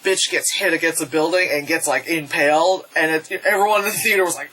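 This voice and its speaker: A woman casually reviewing a movie in a vlog, excitable and profane, breaking into loud yelps as she retells scenes. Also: sits low, normal speed, rough recording.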